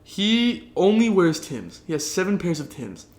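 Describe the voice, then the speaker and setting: A nineteen-year-old man from Southern California, co-hosting a casual podcast chat, telling stories with lots of swearing and quick impressions of people he quotes. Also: high-pitched, roomy sound. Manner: animated storytelling, swears a lot, does voices of people he quotes. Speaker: podcast co-host.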